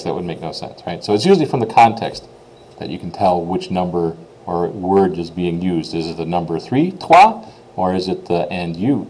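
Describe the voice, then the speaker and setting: Man, English speaker, casual French lesson, lowish voice, chatty, repeats words slowly. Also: darkish tone, poor audio. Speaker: French teacher. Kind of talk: informal pronunciation lesson.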